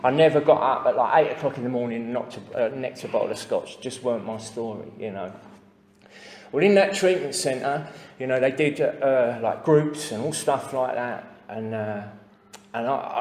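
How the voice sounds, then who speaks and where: A man's voice: mid-range voice, moderate pace, a little mellow, slight background noise. English man telling his recovery story, plain talk, lots of fillers, echoey hall with long reverb. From England. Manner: plain-spoken, many fillers and asides. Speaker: speaker sharing recovery story. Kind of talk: personal testimony to a recovery meeting.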